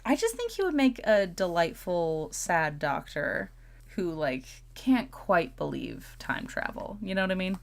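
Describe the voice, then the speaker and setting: A woman's voice: fairly low pitch, very animated, unhurried, creaky. A woman co-hosting a podcast, chatting playfully and laughing often. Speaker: podcast co-host. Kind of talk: casual chat.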